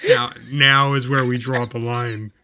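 A man's voice: mid-range voice, level tone, unhurried, a loud crowd. A man co-hosting a podcast in casual chat, breaking in with teasing jokes. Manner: joking, teasing interjections. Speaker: podcast co-host.

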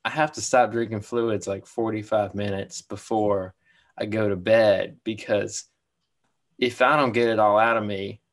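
A man's voice: fairly low pitch, steady tone, a little slow. A young man co-hosting a podcast in casual chat, laid-back, saying "dude" and "like" a lot. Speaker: podcast co-host.

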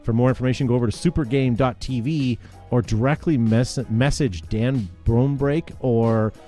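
A man's voice: medium pitch, normal speed, warm tone, faint music behind. A man hosting a casual paintball podcast, reading out event announcements in a chatty way with frequent fillers and laughs. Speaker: podcast host.

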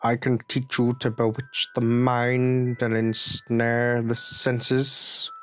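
A man's voice: monotone, a bit bright, faint music behind. Snape, as a man puts him on. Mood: icy. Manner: slow, low, menacing drawl. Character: cold, drawling male potions professor.

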